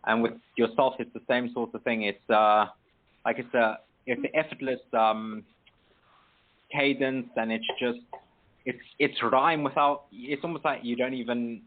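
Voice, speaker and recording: A British man hosting an online poetry radio show, chatting casually with many pauses and restarts. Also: medium pitch, fairly even intonation. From Britain. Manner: hesitant, many ums and restarts. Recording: tinny phone-like line.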